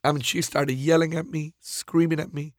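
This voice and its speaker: Animated man telling a story. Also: a little high, normal speed, no echo, studio quality. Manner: animated, acts out the people he quotes. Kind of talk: casual storytelling.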